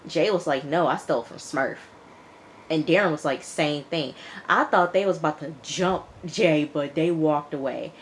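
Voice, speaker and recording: A woman casually recapping a TV episode, chatty and animated, acting out the characters' lines as she tells it. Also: low voice, a little hiss or hum. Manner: chatty, animated retelling with quoted dialogue. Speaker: TV show reviewer.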